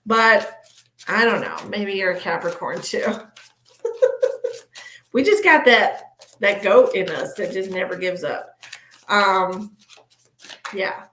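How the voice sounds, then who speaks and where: A woman's voice: mid-range voice, lively intonation, takes it slowly, long pauses, fairly bright tone, reverberant, slight background noise, poor audio. A woman in her forties giving psychic card readings on a live stream, chatty and sassy as she reads out viewer comments. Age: 40s. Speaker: psychic tarot reader.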